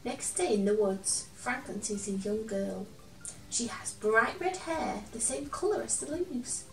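A woman reading a picture book aloud to children, gentle and expressive, chatting now and then to a toy companion. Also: fairly high pitch, measured pace, vocal fry, far from the mic, faint music behind. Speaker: children's storyteller. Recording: roomy echo, from off the mic.

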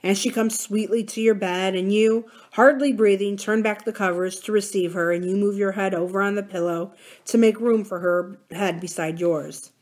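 A woman reading aloud and voicing a gentle older man who speaks softly and slowly in a musing, reflective manner. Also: medium pitch, steady tone, lightly acted. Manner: soft, slow and musing.

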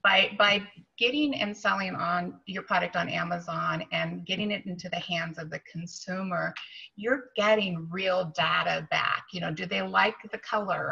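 A woman's voice: fairly low pitch, moderate pace, vocal fry, pushed and bright, slightly rough, lo-fi sound. A woman guest talking in a casual, chatty conversation, restarting her sentences often. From United States. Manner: chatty, with frequent restarts and fillers. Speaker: guest, Amazon seller trainer.

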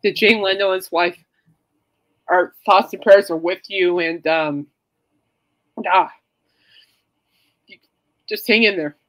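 A woman hosting a casual podcast, tearful and halting as she talks and leads a prayer, trying not to cry. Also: lowish voice, fairly bright tone, rough recording. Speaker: podcast host. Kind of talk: casual chat and spoken prayer.

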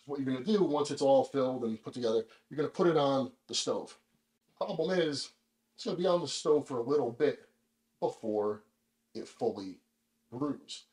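A man's voice: medium pitch, moderate pace. Laid-back guy chatting through a kitchen demo, lots of ums, echoey room. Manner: relaxed, chatty, many fillers. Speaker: vlog host. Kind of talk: casual demonstration.

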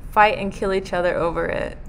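A woman's voice: mid-range voice, steady tone, a little fast, a little hiss or hum, natural voice, low-quality recording. A woman reading out the lines of a gloating male villain who hosts a deadly game. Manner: reads lines aloud plainly.

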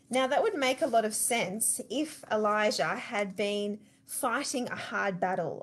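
Australian woman telling a Bible story. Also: mid-range voice. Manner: lively storyteller, conversational, addresses listeners directly. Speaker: church devotional speaker.

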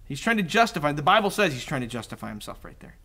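A man's voice: fairly high pitch, sing-song, fast talker, pushed and bright. A male pastor giving a casual, conversational sermon, joking at his own expense and acting out the people in the story. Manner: conversational, self-deprecating, voices quoted characters. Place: church.

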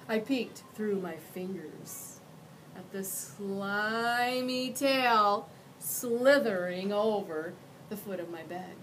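A woman teacher reading a picture book aloud with expressive storytelling. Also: mid-range voice, takes it slowly, slight background noise, rough recording.

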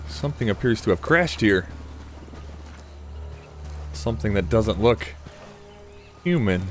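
Animated man doing playful game commentary. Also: on the low side, a little slow, pauses often, faint music behind. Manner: joking, mock-dramatic, taunts enemies. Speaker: gaming video creator.

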